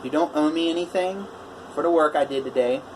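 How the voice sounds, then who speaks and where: A man's voice: a little high, a little fast, a little hiss or hum, low-quality recording. Welder man retelling a customer quarrel. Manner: animated retelling, quoting both sides of a phone argument. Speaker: welder telling a customer story. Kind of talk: casual vlog storytelling.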